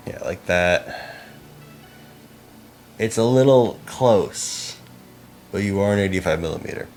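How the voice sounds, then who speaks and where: In a voice on the low side, a podcast co-host films a casual behind-the-scenes vlog in the small apartment he has set up as a studio. The young man chats and mutters to himself, self-deprecating, while he works on the lights and cameras.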